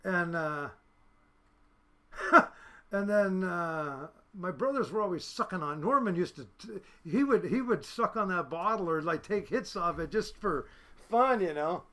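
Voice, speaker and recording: A man's voice: sits high, expressive, a little slow, fairly bright tone. A man in his fifties from the United States, a fishing boat captain telling blunt, salty, rambling stories as a podcast guest. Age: 50s. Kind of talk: casual storytelling.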